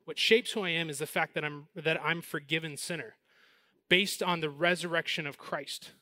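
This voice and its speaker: Pastor, man in his 40s, lively storyteller, high bright voice, dry sound. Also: no room sound. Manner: animated storytelling, then slows and softens for the message. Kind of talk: sermon.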